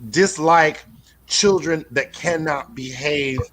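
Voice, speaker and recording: A man doing a rambling, profane stand-up comedy set, full of restarts and deadpan absurd asides. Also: on the high side, slow, slight background noise.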